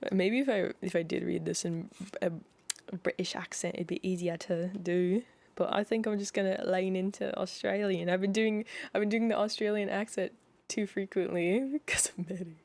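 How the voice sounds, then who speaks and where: A woman's voice: mid-range voice, moderate pace, vocal fry, darkish tone, no room sound. A young woman streamer reading a novel aloud and chatting with viewers, giggling and correcting her own stumbles. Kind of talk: casual read-aloud with chat asides.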